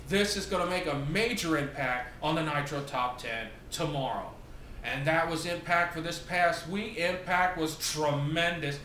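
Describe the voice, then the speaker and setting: Animated high-voiced man recapping wrestling. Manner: excitable, sarcastic asides, mimics wrestlers' lines. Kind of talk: animated solo recap and opinion. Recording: echoey room with faint noise.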